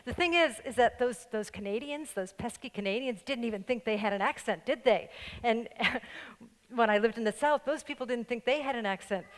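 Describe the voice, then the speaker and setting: Speaking at a moderate pace in a fairly high voice, an older female pastor with a faint New York accent jokes her way through a lighthearted sermon and shares laughs with her congregation. Long church-hall reverb fills the sanctuary.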